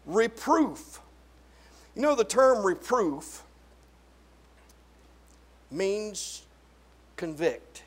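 High-voiced man preaching with loud emphatic swells. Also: gravelly, breathy edge. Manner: rising to loud emphatic peaks, then dropping low; drawn-out stresses on single words. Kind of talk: sermon.

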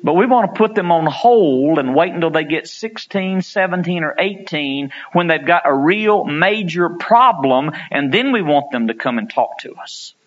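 A man preaching a sermon, telling stories and acting out quotes, climbing to loud pleading peaks. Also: fairly high pitch, lively intonation, moderate pace, hardly any pauses, muffled recording.

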